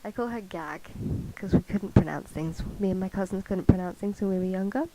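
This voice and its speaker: A woman's voice: mid-range voice, fairly quick, very noisy. A woman chatting casually in a vlog, chatty and self-mocking with casual swearing, recorded on a cheap karaoke mic. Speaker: vlogger. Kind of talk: casual chat.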